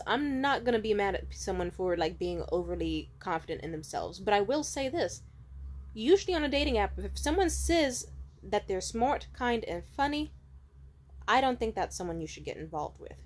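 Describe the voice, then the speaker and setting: A young woman speaks in a casual, candid vlog monologue. She is blunt and swears freely. Her level swings from loud, emphatic bursts to low, dry asides. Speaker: vlogger.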